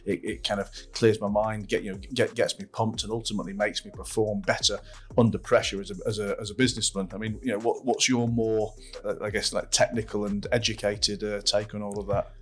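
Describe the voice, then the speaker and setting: A man's voice: fairly low pitch, little pitch movement, a little fast, breathy edge. A man hosting a podcast, telling a long personal story with lots of repeats, restarts and swearing. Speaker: podcast host. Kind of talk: casual interview chat.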